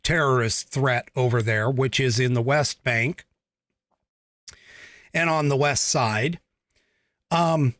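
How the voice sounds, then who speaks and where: A man's voice: fairly high pitch, fairly bright tone, no echo, clean studio sound. A man from the United States hosting a podcast, giving a blunt, emphatic political commentary monologue with profanity. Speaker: podcast host.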